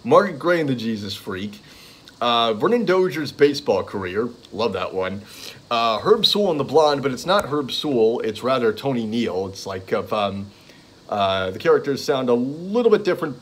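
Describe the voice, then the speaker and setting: A man of ordinary pitch talks casually through a list of comedy tracks. He rambles, trips over titles and fills gaps with ums and uhs. He chuckles now and then as he goes. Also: animated, moderate pace. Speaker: fan reviewing comedy CDs. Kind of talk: casual monologue listing tracks.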